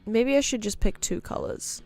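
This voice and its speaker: A young woman livestreams while drawing, chatting casually, thinking aloud, and playfully repeating words. Her voice is a little high, creaky, and a little mellow at a normal speed, with faint music in the background.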